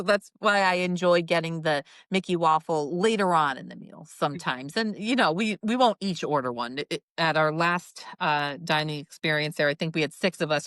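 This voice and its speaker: A woman's voice: sits low, fairly bright tone, no room sound, clean studio sound. A woman co-hosting a podcast, chatting casually, laughing easily and giving friendly advice. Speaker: podcast co-host. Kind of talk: casual chat.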